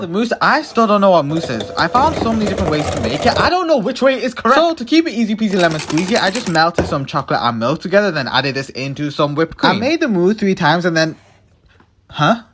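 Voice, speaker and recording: A man's voice: high-pitched, fairly bright tone, slight background noise. A young man narrating his own cooking videos in a casual, playful way, cracking self-mocking jokes as he goes.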